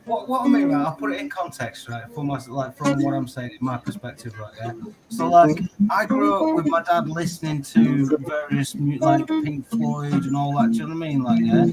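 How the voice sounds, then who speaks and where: A man's voice: on the high side, big pitch swings, moderate pace, poor audio. A man in his thirties chatting casually, rambling and swearing, often adding "like" and "do you know what I mean". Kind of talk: casual chat on a live stream. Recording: loud guitar music behind.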